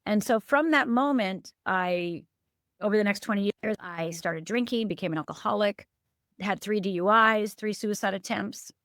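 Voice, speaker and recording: A woman's voice: normal speed, a bit bright, no room sound, studio quality. A middle-aged woman from Upper Michigan, a life coach telling a painful life story as a podcast guest, earnest and emphatic. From Upper Michigan, USA. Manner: earnest, emphatic, with sudden lifts and drops in pitch. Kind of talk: emotional personal storytelling.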